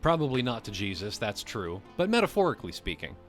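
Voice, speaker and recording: A man hosting a live stream reads a text aloud, then breaks off into joking, casually profane asides to his chat. His voice sits on the low side with big pitch swings, he talks fast, and faint music plays behind him.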